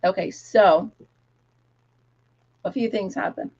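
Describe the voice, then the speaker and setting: A woman hosting a casual live chat, telling rambling, animated stories to her viewers. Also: mid-range voice, takes it slowly, husky, highs cut off. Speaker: host.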